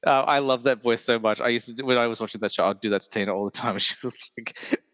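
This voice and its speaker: A man's voice: medium pitch, quick pace, fairly bright tone, no echo, in a large hall. A man hosting a podcast in casual chat, rambling and joking, often breaking into put-on voices. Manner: rambling, self-interrupting, jokey with put-on voices. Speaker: podcast host.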